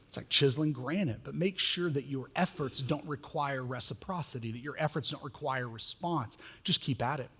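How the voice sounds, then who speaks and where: A man in his thirties preaching a sermon as pastor, animated and self-mocking as he tells family stories. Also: medium pitch, normal speed, hardly any pauses, breathy edge. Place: church sanctuary. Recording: long reverb of a church hall.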